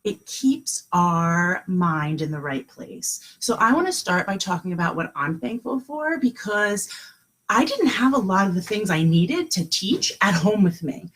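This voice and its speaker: Kindergarten teacher, woman, live from home; bouncy, husky, sounds out words slowly for little kids. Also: medium pitch, sing-song, a bit bright, rough recording. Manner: sing-song, encouraging teacher voice, slows to sound out words. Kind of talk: live online lesson for young children.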